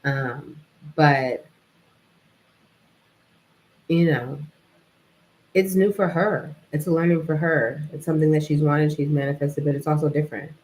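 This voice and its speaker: A woman's voice: sits low, fairly even intonation, unhurried, long pauses, darkish tone, rough recording. A young adult woman talking in a casual, reflective vlog monologue, rambling and filling her speech with "like" and "you know". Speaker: vlogger.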